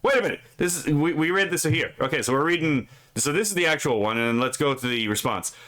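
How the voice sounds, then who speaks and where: Guy streaming, reading posts and mocking them, lots of swearing, bright forceful voice, kinda high. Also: lively intonation, fast talker. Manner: sarcastic, profane, mocking asides; frequent filler "right?". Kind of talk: casual live stream commentary.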